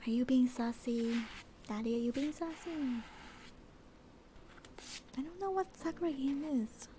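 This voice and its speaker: A female livestreamer chatting in whispered role-play, soft and bubbly, at home at night. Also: high-pitched, lively intonation, a little slow, long pauses, slight background noise.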